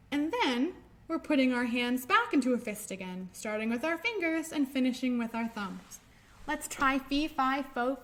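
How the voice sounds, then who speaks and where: A woman librarian reading a picture book aloud and leading finger rhymes for young children, gentle and encouraging in a sing-song way. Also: on the high side.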